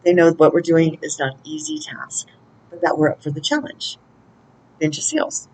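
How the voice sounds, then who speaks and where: A woman's voice: deep voice, fairly even intonation, moderate pace, a little mellow, poor audio. Chatty woman doing an oracle reading. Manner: chatty, laughs often, talks to angels aloud. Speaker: intuitive oracle card reader. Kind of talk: casual spiritual channeling and oracle reading.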